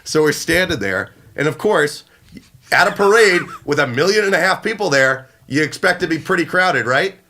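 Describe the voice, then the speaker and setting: Animated ranting young man, bright voice. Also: a little high, moderate pace. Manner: animated, swearing, acts out quotes. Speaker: podcast co-host. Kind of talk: casual ranting story.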